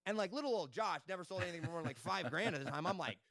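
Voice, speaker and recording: A young man speaks fast and eagerly as an interview guest, recounting his business deals. His voice sits a little high, and the recording is dry and close. He keeps checking in with "right?" as he goes. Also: animated, a bit bright, dry recording. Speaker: podcast guest, entrepreneur. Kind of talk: casual interview storytelling.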